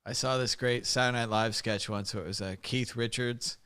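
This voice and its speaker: American guy, mid-pitched voice, jokey, rambles through stories. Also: fairly even intonation, brisk, a bit bright, smooth. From United States. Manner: joking, rambling storyteller. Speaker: host. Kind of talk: casual chat.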